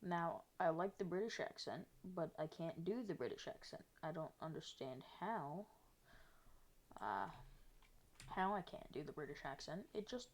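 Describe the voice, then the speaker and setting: A woman's voice: low-pitched, lively intonation, normal speed. A woman live streaming, chatting casually to an almost empty chat while she works on a map. She talks in a rambling, self-mocking way.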